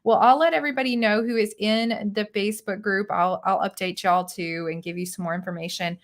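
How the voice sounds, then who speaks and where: A woman's voice: medium pitch, steady tone, a little fast. A woman from Missouri hosting a casual live-stream chat, chatty and laughing often, heard over a video call. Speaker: host.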